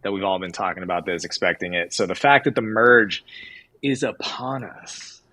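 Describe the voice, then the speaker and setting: A man co-hosting a casual livestream chat, excitable and joking, often drifting onto tangents. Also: deep voice, moderate pace, poor audio. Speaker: co-host.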